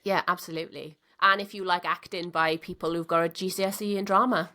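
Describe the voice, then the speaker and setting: Enthusiastic sweary woman hosting a podcast, lowish voice, just over a cold. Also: fairly even intonation, a little fast, bright, forceful tone. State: recovering from a cold. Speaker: podcast host. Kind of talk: casual interview chat.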